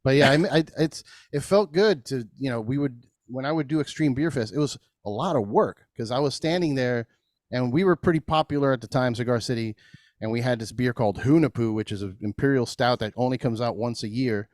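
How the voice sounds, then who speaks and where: A man telling loose stories as a podcast guest. He swears freely, laughs through the telling and acts out the other people in his stories with big jumps in pitch. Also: brisk, darkish tone, dry recording, studio quality. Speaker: podcast guest, craft beer brewer. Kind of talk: casual storytelling chat.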